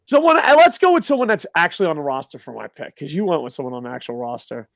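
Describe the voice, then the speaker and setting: A man's voice: fairly high pitch, big pitch swings, fast talker, vocal fry, fairly bright tone, no echo, studio quality. A man co-hosting a casual wrestling chat, sarcastic and swearing freely, laughing at his own jokes. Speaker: podcast co-host.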